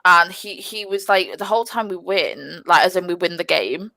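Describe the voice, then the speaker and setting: A young woman telling a gaming story on a podcast, animated and swearing freely, with lots of fillers. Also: on the low side, normal speed, creaky, no room sound. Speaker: podcast guest, gamer. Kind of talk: casual storytelling.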